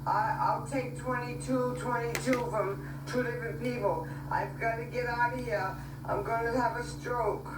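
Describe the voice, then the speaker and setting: A woman's voice: fairly high pitch, steady tone, moderate pace, hardly any pauses. An older woman on a phone livestream, whiny and pleading as she complains and asks for help. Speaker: livestreamer asking for money. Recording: echoey, noisy, far from the mic.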